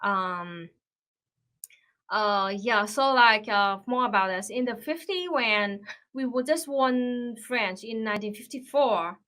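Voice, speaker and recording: A woman's voice: on the high side, slow pace, bright, forceful tone. A woman with a Vietnamese accent, a native Vietnamese speaker, casually retelling a comic story in a chatty, hesitant way. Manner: hesitant, chatty, many restarts and fillers.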